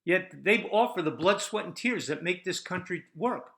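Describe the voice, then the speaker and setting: An older man hosts his own podcast and delivers a combative monologue that keeps firing rhetorical questions at the listener. His voice sits a little high for a man and has a bright, forceful edge. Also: normal speed. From United States. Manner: combative, rhetorical, lively ups and downs. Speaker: podcast host.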